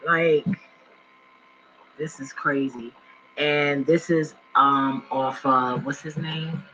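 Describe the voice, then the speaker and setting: A man's voice: mid-range voice, steady tone, slow pace, sharp tone, slight background noise. A man in his forties talking to his viewers in a slangy, rambling vlog style, often getting sidetracked at home. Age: 40s. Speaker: vlogger. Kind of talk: casual vlog talk. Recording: dull lo-fi recording.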